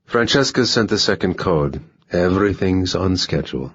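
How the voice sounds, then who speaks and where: A man voicing a calm, contemptuous male operative. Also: low voice, moderate pace, slightly rough, no room sound, dull audio, heavily acted.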